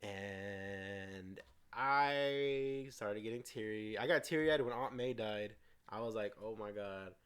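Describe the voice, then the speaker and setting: A man's voice: lowish voice, slow, fairly bright tone, smooth. A man co-hosting a casual movie review, eagerly retelling scenes and stumbling over his words. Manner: frequent restarts and stumbles. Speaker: co-host of a movie review show.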